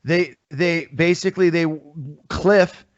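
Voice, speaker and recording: A middle-aged American musician and comedian with a high voice speaks at a slow pace, and the audio sounds dull. As a podcast guest in a casual interview, he tells stories with animation and acts out the voices of the people he quotes.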